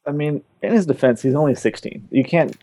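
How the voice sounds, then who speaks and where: A man's voice: mid-range voice, mellow, no echo. A man chatting on a podcast, recapping a game in a loose, rambling way with plenty of swearing. His voice sits in the middle range. It is recorded close and dry, with no room sound. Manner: rambling, profane, does quick character voices in quotes. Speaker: podcast co-host. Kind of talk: casual chat, retelling a game's story.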